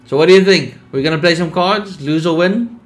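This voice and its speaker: A young man casually commenting on a survival game, reading its text aloud, laid-back and sleepy with sudden bursts of excitement. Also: on the high side, brisk. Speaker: streamer.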